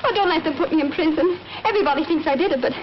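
A frightened young woman, acted by an actress, rattles on in a high, quick Southern drawl, pleading and breathless. The sound is a dull, faintly hissy old film soundtrack. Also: natural voice. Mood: panicky pleading. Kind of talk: 1930s film acting.

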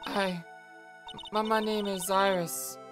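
A woman reading game dialogue aloud as a shy, nervous young nun who stammers softly. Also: medium pitch, steady tone, music in the background, pitched above the performer's own voice, natural voice. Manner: halting, stammering, soft.

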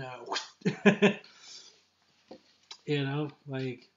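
Excitable man reviewing a film, lo-fi. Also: a little high, a little slow. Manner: excitable and emotional, heavy use of "like" and "you know". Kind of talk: casual spoken film review. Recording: dull lo-fi recording.

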